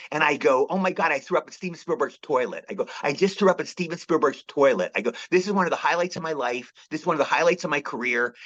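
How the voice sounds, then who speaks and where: A man's voice: fairly high pitch, lo-fi sound. A man in his sixties, an actor guest, telling stories in a casual interview, acting out the lines he quotes. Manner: animated storyteller, acts out quotes. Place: theater lobby.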